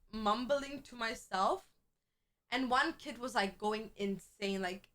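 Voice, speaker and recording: 喜欢说脏话的年轻女主播，声音高亮. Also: female voice, fairly high pitch, pushed and bright. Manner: chatty, swearing, quick to laugh. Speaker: streamer. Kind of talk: casual chat.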